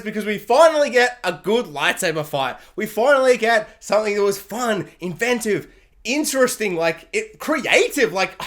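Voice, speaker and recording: A man giving a casual, joking spoken review of a TV series, animated and full of quick impressions. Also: sits high. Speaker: video reviewer.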